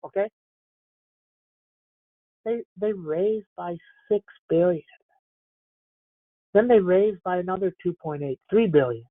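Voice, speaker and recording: Blunt, profane stock trading host, tinny line. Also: male voice, sits high, takes it slowly, long pauses, dry recording. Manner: blunt, profane, prods the audience to answer. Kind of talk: live market commentary to chat viewers. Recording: tinny phone-like dry sound.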